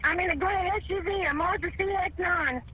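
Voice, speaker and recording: A woman's voice: very high-pitched, a little fast. A frightened, tearful woman on an emergency call, panicked and pleading, stammering as she begs for help. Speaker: emergency caller. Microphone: phone. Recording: tinny phone line.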